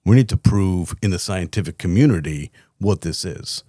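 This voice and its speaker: A man's voice: low voice, moderate pace, dry recording, studio quality. A middle-aged man, a company CEO guest, telling candid, blunt stories in a podcast interview. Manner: lively, candid storyteller, blunt and profane.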